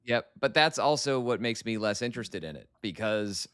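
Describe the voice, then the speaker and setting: A man's voice: fairly low pitch, expressive, moderate pace, fairly bright tone, clean tone, dry recording, clean studio sound. A man as a podcast guest, laying out his opinions in an analytical, argument-building way. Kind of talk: casual podcast chat.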